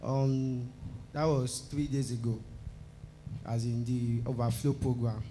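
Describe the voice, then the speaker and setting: A man giving an animated testimony at a church service, acting out the conversations he describes. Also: medium pitch, takes it slowly, a little hiss or hum. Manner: excited, tells the story by acting out dialogue.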